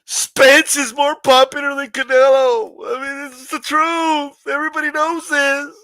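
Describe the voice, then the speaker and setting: A man's voice: very high-pitched, level tone, normal speed, bright, forceful tone, dry recording. A man hosting a boxing channel, ranting sarcastically with profanity and frequent laughs. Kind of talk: sarcastic commentary rant.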